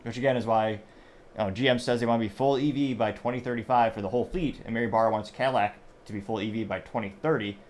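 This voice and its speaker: Fast-talking man giving casual commentary. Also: medium pitch, steady tone, a little mellow. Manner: rambling, self-correcting, conversational. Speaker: show host.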